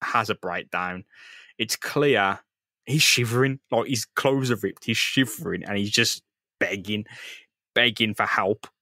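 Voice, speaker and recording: Animated swearing podcast guy. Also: on the low side, measured pace, no room sound, clean studio sound. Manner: animated, swears freely, acts out quotes. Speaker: podcast co-host. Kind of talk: casual comic-book recap chat.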